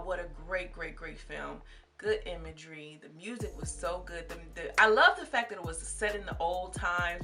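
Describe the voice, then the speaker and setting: A young woman reviews a series in a chatty, emphatic way and talks to her viewers like friends. Her voice sits a little low but sounds bright and forceful. Soft music plays faintly behind her. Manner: chatty and emphatic, addressing viewers as sis and girl. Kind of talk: casual commentary.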